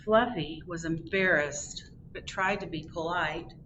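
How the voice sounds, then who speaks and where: A woman reads a picture book aloud at children's storytime, unhurried and expressive. Her pace is slow and deliberate, with gentle lifts of animation, and a faint hum of noise sits behind her. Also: on the low side, muffled recording. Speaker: librarian reading at storytime.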